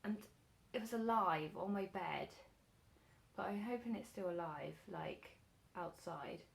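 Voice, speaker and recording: A woman beauty vlogger chatting casually while doing her makeup, telling an animated story full of fillers. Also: lowish voice, unhurried, creaky.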